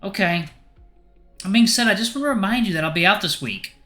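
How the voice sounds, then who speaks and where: A man's voice: sits high, animated, fairly quick, sharp tone, faint music behind, voice pushed up. Theodore, a man voicing a young traveler. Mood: defensive. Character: 23-year-old unemployed man, defensive traveler.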